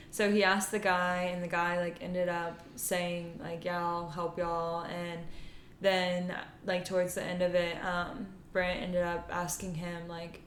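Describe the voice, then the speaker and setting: A young woman tells a faith story to her co-host in an earnest, rambling way. Her voice sits low and stays fairly level. The room is echoey, with a faint hiss under it. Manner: earnest storytelling, many "like" fillers. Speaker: podcast co-host. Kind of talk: casual faith chat.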